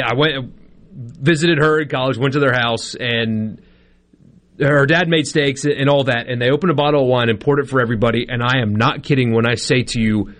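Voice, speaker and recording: A male sports radio co-host, rambling through self-mocking stories in loose, casual banter. His voice sits at an ordinary middle pitch. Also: fairly bright tone.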